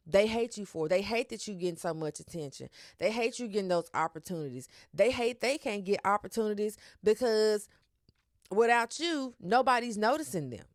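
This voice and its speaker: A woman hosting her own podcast, talking in a sassy, animated way with slang and cursing. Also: on the high side, dry recording, studio quality. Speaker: podcast host. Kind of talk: casual solo podcast talk.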